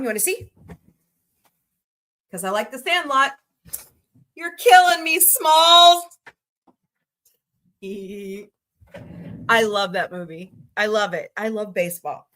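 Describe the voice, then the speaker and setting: With a slightly high, fairly bright voice, this woman in her forties from Missouri runs a laid-back livestream. She rambles across subjects, says hello to viewers by name, and reacts as the chat rolls in.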